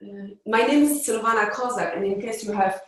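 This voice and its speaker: A woman with a Polish accent, a coach practicing her business pitch with hesitant restarts. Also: brisk, roomy sound, low-quality recording. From Poland. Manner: hesitant restarts, animated when quoting clients.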